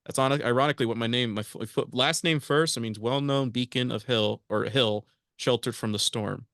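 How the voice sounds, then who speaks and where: A man's voice: medium pitch, normal speed, no room sound. Guy on a podcast, earnest, acts out what people said to him, dry close mic. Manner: earnest, animated, acts out quoted exchanges. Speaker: podcast guest. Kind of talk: casual conversational interview.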